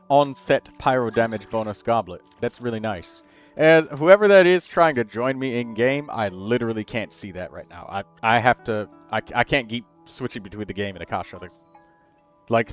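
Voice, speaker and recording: A man hosting a game livestream, chatting casually and rambling through build advice. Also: mid-range voice. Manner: chatty, rambling, quick asides to chat.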